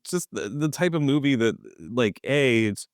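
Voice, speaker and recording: A man's voice: mid-range voice, animated, moderate pace, no room sound, clean studio sound. A young man co-hosting a film podcast, blunt and exasperated, laughing often. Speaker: podcast co-host. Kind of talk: casual film review banter.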